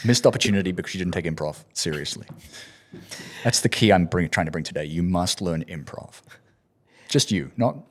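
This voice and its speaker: A man, an actor guest on a podcast, telling anecdotes in an animated way and teasing dryly. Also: sits low, a little fast. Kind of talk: casual interview storytelling.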